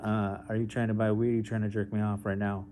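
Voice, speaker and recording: A man voicing a laid-back male weed shop clerk in a casual, flat stand-up anecdote. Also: on the low side, fast, slight background noise, natural voice.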